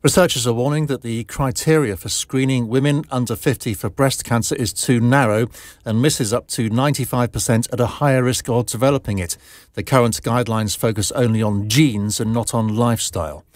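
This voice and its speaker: A male newsreader reading a scripted bulletin in a measured, formal way. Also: mid-range voice, darkish tone, no room sound.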